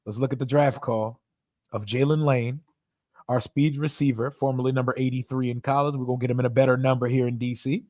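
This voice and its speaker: A man hosting a live draft reaction stream, excitable and casual, with slang and swearing. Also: medium pitch, a little fast, no echo, studio quality. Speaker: streamer host.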